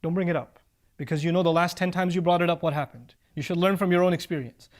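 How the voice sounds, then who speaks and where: A male preacher giving a religious talk on parenting, speaking earnestly, repeating key phrases for emphasis and reciting Arabic scripture quickly. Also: high-pitched. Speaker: Islamic preacher.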